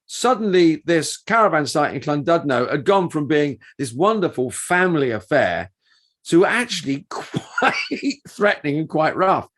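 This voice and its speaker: Male co-host, middle-aged, animated yarn-spinner, lively upper voice. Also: a little high, unhurried. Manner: animated storytelling with restarts. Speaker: podcast co-host and touring performer. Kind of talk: casual podcast chat.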